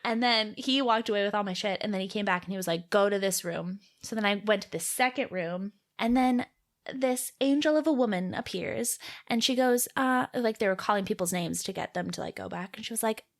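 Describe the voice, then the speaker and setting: A Canadian woman in her twenties, co-hosting a podcast, tells a story in casual chat with a brisk, mid-range voice. She animates it by acting out the people she quotes.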